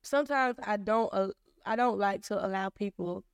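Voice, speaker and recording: A young woman hosts a faith podcast in a smooth, clear voice. She tells stories openly and plays out both sides of conversations. The sound is dry and close, with no room around it. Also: mid-range voice, normal speed, no room sound. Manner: candid, animated storytelling with acted-out dialogue. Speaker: podcast host. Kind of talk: casual faith podcast chat.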